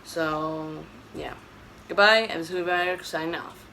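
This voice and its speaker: A Texan woman vlogs in a casual, opinionated ramble, often stopping to restart her sentences. Her voice sits on the low side and sounds worn out. A faint ambient hum fills the room behind her. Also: steady tone, moderate pace, creaky, bright, forceful tone, poor audio. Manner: rambling, opinionated, self-correcting. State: tired. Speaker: YouTube vlogger. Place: indoor room, dim lighting.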